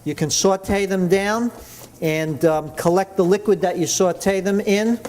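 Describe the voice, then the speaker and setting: A man's voice: high-pitched, unhurried, a little mellow. A man hosting a cooking show, chatting enthusiastically as he explains each step. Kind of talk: cooking demonstration.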